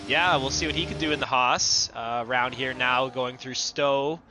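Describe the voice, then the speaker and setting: A man giving co-commentary on an online racing qualifying session, talking through lines and lap times in a steady, analytical way. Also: medium pitch, normal speed, faint music behind.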